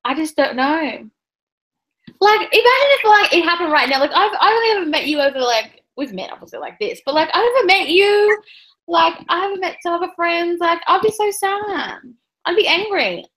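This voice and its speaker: A woman's voice: very high voice, animated, fairly quick, a bit bright, low-quality recording. A woman chatting on a video call about a book, thinking aloud and swearing freely. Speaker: book club co-host. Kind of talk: casual video call chat.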